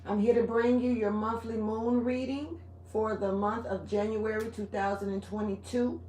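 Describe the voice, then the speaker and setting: A woman's voice: a little high, flat delivery, moderate pace, warm tone, slight background noise. Laid-back rambling woman tarot reader. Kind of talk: casual monthly astrology reading.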